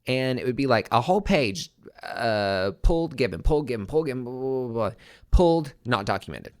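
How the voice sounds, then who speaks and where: A young adult man, a podcast host, telling a personal story in a casual way, swearing freely and swinging between hushed and excited. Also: medium pitch, a little fast, dry recording, studio quality.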